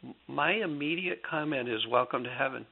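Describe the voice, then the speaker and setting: A man who is an author being interviewed on a radio show, speaking reflectively with halting restarts over a phone line. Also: medium pitch, gravelly. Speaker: guest author.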